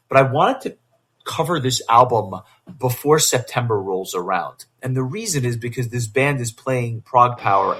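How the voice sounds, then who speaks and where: Male podcast co-host with a husky voice, steady and conversational. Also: mid-range voice. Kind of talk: casual chat.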